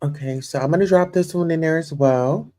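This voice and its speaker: A woman's voice: low voice, fairly quick, dark tone. A young woman hosting a casual livestream chat, effusive and gushing, full of "you know" and "listen here.". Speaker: host.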